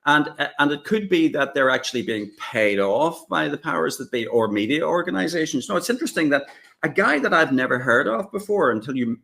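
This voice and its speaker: A man co-hosting a political discussion, talking in a halting way with many fillers and restarts. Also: on the high side, very animated, vocal fry, fairly bright tone. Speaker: co-host.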